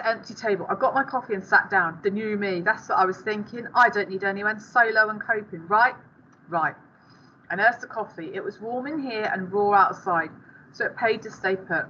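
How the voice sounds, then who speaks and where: A woman teacher reads a first-person novel aloud to her class, pausing now and then to speak to the pupils. Her voice is bright and crisp. The recording is a little dull, with a faint hiss underneath. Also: mid-range voice. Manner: stops the reading to speak to pupils.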